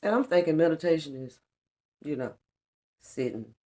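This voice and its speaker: A woman's voice: low voice, lively intonation, moderate pace, darkish tone. A middle-aged woman giving an earnest, colloquial personal testimony on a spiritual vlog, repeating lines for emphasis. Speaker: spiritual vlogger.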